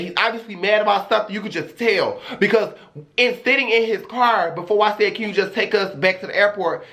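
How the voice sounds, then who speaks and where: Young male streamer, high voice, sassy and dramatic storyteller for a vlog. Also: sharp tone.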